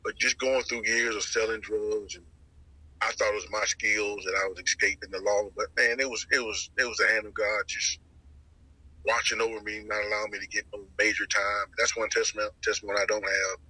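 A middle-aged man from North Carolina, telling his testimony in a lively way and acting out the voices he quotes. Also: on the low side, brisk, husky, no room sound, low-quality recording. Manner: lively storyteller who acts out the voices he quotes, repeats phrases. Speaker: guest sharing his testimony. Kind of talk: personal testimony storytelling.

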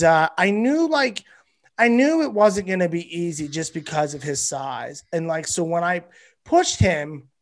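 A male comedian guesting on a podcast, telling a rambling, profane story in casual chat. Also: sits high.

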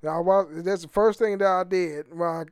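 A man's voice: high-pitched, steady tone, a little fast, smooth, dry recording, clean studio sound. A young American man hosting his own podcast, rambling and profane, often stumbling and repeating words as he restarts sentences. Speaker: podcast host. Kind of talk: casual solo podcast monologue.

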